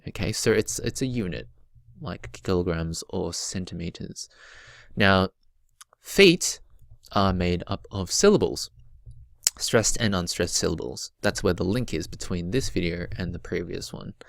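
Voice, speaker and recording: A man with a very deep voice gives a patient recorded lesson, going over each point twice and sounding out rhythms. The sound is dry and close, with no room around it. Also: unhurried, vocal fry, no echo. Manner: patient, repeats key points, chants rhythms aloud. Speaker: teacher.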